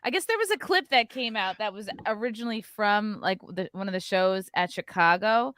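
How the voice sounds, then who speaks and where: A woman's voice: medium pitch, expressive, a little fast, fairly bright tone, clear, resonant tone, dry recording, studio quality. A woman hosting a casual livestream, telling stories chattily with frequent laughs. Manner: chatty storytelling, laughing often. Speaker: host.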